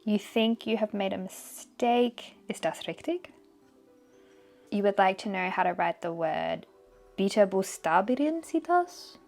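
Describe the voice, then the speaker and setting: A young woman vlogging as she takes a language test, thinking aloud and sounding out foreign words slowly. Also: mid-range voice, darkish tone, faint music behind. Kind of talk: casual vlog commentary.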